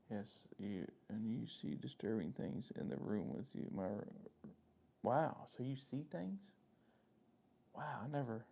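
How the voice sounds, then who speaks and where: Gravelly Southern man chatting with viewers. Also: mid-range voice, dark tone. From Southern United States. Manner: rambling, friendly, answers chat comments by name. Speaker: live-stream host. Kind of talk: casual live-stream chat with viewers.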